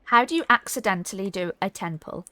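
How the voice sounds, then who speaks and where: Woman streamer, casual rambling chat, close dry mic, mid pitch. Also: expressive, a little fast, pushed and bright, dry recording. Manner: chatty, rambling, reading chat aloud. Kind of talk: casual live-stream chat while gaming.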